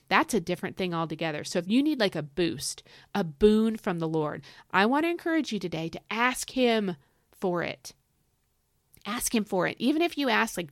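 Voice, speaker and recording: Expressive, chatty woman giving devotional teaching. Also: no room sound, studio quality. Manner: chatty and encouraging, many asides and repeated phrases; expressive, pitch swinging up on emphasis. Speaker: podcast host teaching from the Psalms.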